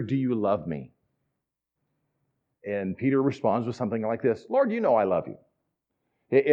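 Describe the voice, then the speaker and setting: A man's voice: medium pitch, highs cut off. A man preaching a sermon in a conversational, enthusiastic teaching manner with asides. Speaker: pastor.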